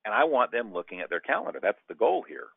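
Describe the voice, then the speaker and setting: Animated gravelly man on a phone line. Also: fairly low pitch, fast, dry recording. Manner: animated, acts out client exchanges. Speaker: sales trainer. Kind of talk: training talk with role-played dialogue. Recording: dry tinny phone-like line.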